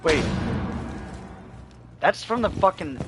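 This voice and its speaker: Hoarse man chatting on a game stream. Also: on the high side, normal speed, fairly bright tone, a little hiss or hum. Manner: loose rambling storytelling, laughs often, swears freely. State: losing his voice, hoarse. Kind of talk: casual livestream chat while gaming.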